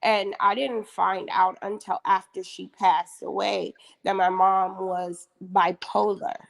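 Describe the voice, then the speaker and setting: A woman on a casual livestream panel, speaking in an earnest, measured way. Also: medium pitch, level tone, vocal fry.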